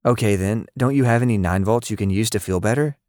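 A man's voice: fairly low pitch, fast, dry recording, studio quality, pitched above the performer's own voice, lightly acted. A man voicing an enthusiastic, supportive boy who praises his friend in an audio story. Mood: excited. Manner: excitable and praising.

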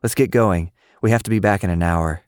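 A man's voice: low-pitched, a little fast, a little mellow, clear, resonant tone, no echo, studio quality, natural voice. A man voicing a kind, eager young boy who earnestly insists on helping his friends.

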